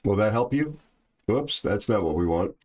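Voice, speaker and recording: Casting: deep-voiced male livestream host, loose and chatty, joke-teller. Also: lively intonation, normal speed, darkish tone. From aviation background. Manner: chatty, tells jokes, reads chat aloud. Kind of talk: casual livestream chat.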